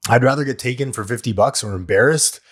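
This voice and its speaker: A man's voice: mid-range voice, fast. A man hosting a recovery podcast. He talks candidly and plainly, swears now and then, and coaches his listeners, repeating the key lines. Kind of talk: solo talk on addiction recovery.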